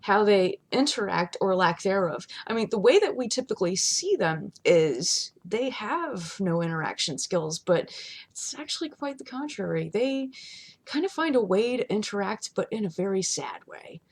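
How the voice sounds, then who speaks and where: A woman talking straight to her vlog audience in a loose, unscripted rant from home. Her voice sits in an ordinary middle pitch, and she laughs often. She jumps from loud, punchy outbursts to quiet, half-whispered asides. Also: very animated, moderate pace. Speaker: vlogger. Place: home, not in her studio.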